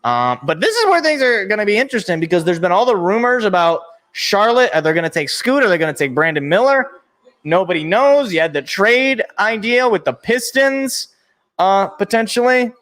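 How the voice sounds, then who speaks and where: A young man with a high-pitched voice talks through a live sports event as it happens. He rambles and thinks out loud, getting excitable as he reacts. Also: normal speed. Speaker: sports show host. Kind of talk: live draft reaction commentary.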